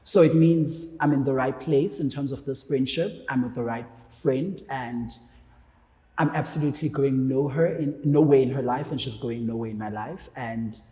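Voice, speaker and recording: A man's voice: mid-range voice, normal speed. A man, a radio traffic anchor, talking emotionally as a podcast guest. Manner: emotional, excitable, sentimental. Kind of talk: emotional interview chat. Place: podcast studio. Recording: echoey studio with long reverb.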